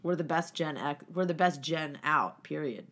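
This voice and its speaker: Animated Gen X woman telling stories. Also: low-pitched, normal speed. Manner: animated storytelling, acts out quoted speech. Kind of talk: casual chat.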